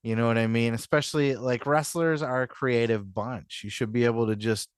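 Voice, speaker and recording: A man's voice: medium pitch, fairly even intonation, a little fast, clear, resonant tone, no room sound, studio quality. Rambling, profane male podcast host. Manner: rambling, profane, repeats "you know what I mean"; acts out quotes in mock voices. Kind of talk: casual commentary monologue.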